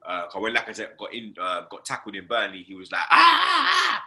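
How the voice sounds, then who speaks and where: A man hosting a casual football fan show, ranting in an animated, slangy way, swearing and firing off "you understand" and "blood.". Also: sits low, fast. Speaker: host.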